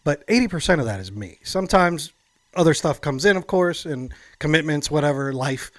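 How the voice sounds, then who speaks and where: A man's voice: a little high, animated, a little fast, dry recording. A man co-hosting a podcast, talking in an upbeat, emphatic way. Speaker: podcast co-host. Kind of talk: casual chat.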